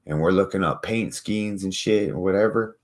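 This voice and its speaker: A man's voice: sits low, moderate pace. A man ranting casually to camera, rambling, cursing and mocking people. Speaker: vlogger. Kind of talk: casual profane rant.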